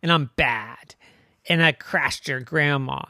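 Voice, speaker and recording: A man's voice: mid-range voice, takes it slowly, bright, forceful tone, no echo, studio quality, full character voice. A man voicing a boastful, bullying big bad wolf car in a made-up bedtime story, cackling and bragging. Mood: gloating. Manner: gloating, cackling, then pleading.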